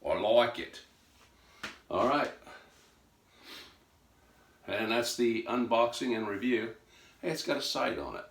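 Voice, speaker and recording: A man's voice: mid-range voice, lively intonation, takes it slowly, gravelly, long pauses, slight background noise. A man chatting casually as he unboxes on a phone, folksy and rambling, with many fillers and restarts. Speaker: gun hobby vlogger.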